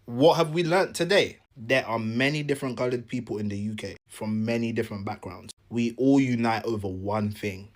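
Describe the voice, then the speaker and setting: A man telling a comic story in an animated, jokey way, acting out each side. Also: medium pitch, moderate pace, few pauses. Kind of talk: comedic storytelling.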